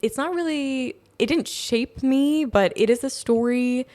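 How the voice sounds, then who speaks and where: A young woman in her twenties co-hosting a podcast, chatting casually and starting a story in a relaxed way. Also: high voice. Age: young adult. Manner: relaxed, laughs along, quick reactions. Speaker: podcast co-host. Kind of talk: casual chat.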